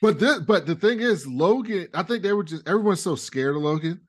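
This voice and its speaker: A man co-hosting a casual TV recap chat, animated and laughing often as he acts out characters' lines. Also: high-pitched, brisk. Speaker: podcast co-host.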